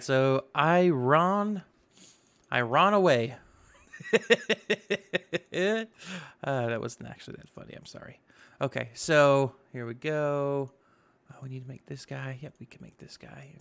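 A man's voice: medium pitch, measured pace, gravelly, long pauses. A man giving casual, chatty commentary on his own gameplay, thinking aloud and tossing in exclamations. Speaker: gaming YouTuber. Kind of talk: casual let's-play commentary.

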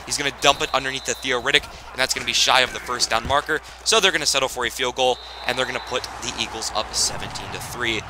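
A young man narrating a football video game in casual play-by-play style, getting excitable on big plays. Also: mid-range voice, fast talker, hardly any pauses, noisy background. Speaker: gaming channel host.

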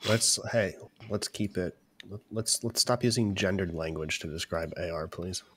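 A man with a very low voice trades brash, crude, mock-macho jokes in a stream's voice chat. A faint background hiss sits under his voice. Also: normal speed, fairly bright tone. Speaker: voice chat guest.

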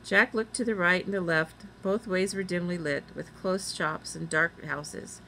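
A woman reading a children's chapter book aloud, doing the children's lines a little higher. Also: steady tone, unhurried, vocal fry, sharp tone, slight background noise, poor audio. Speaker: reader. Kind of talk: storybook read-aloud.

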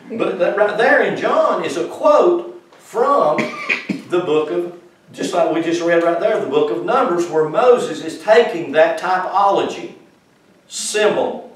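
A man preaching a Bible-teaching sermon, emphatic and questioning his congregation directly. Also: fairly high pitch. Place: congregation room. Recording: very echoey room from far off.

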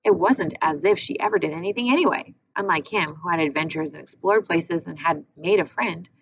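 A woman narrating an audiobook in a measured, expressive reading. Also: fairly low pitch, vocal fry. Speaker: audiobook reader. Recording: muffled with faint hiss.

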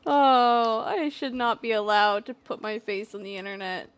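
Bubbly high-voiced woman gamer. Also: moderate pace, hardly any pauses, very noisy. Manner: playful, giddy, with frequent exclamations. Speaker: gaming channel host. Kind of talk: casual gameplay chat.

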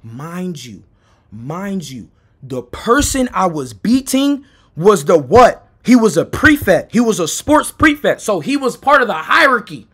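Young american dude telling a story, cussing a lot, bright husky voice, goes from muttering to yelling. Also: male voice, normal speed. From United States. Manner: animated, profane, swings from low mutters to shouting. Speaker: streamer telling a personal story. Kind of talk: storytime chat.

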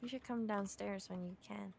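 A woman from Canada, mid-pitched, chats playfully while co-streaming a block-building game, teasing her partner. Clear background noise runs under her voice. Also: steady tone, normal speed. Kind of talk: casual gaming chat. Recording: noisy stream audio.

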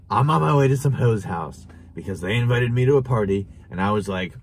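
A young man telling a wild story to camera in a casual, animated way, laughing and swearing as he goes. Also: fairly low pitch, moderate pace, a little hiss or hum. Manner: animated, chuckling, swearing, with restarts. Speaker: vlogger.

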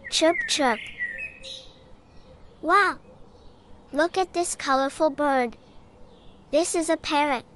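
A woman narrating a scripted children's lesson in a bright, encouraging way, often asking the listener to join in. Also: high voice, slow, long pauses.

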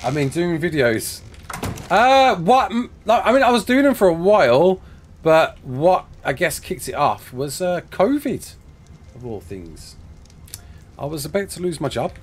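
A young man from the English West Midlands hosts a casual game live stream, with his accent plain in every line. His voice sits a little high and moves a lot in pitch. He laughs often and reads chat questions aloud. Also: sing-song, a little slow, a little hiss or hum.

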